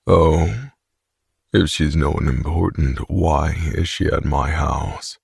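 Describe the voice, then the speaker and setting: Man doing a menacing rich father, very deep voice, heavy gravel, husky, calm monotone, audiobook. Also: slow pace, no echo, studio quality, full character voice. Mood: cold, menacing. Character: cold, controlling older father, wealthy.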